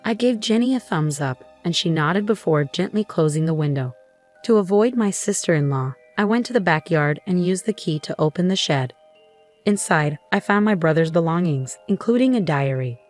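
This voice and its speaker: A woman narrating a first-person story in an even, earnest scripted style. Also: on the low side, moderate pace. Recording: faint background music.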